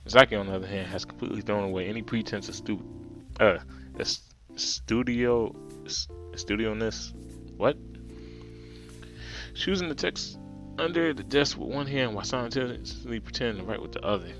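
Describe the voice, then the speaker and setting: A man's voice: lowish voice, expressive, fast talker, a bit bright, soft background music. A man from New Jersey reading a visual novel aloud with casual, jokey asides and stumbles. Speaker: let's play streamer reading a visual novel.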